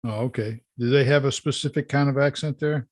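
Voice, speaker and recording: A man's voice: medium pitch, steady tone, fairly quick, darkish tone, no room sound, studio quality. A man co-hosting a casual chat, curious and asking questions. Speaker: co-host.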